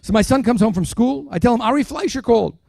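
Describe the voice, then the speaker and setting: At a dinner, a keynote speaker with a very high-pitched, creaky voice talks fast, telling an animated story full of humorous asides and acting out the quoted dialogue. The sound is clean studio audio with no echo.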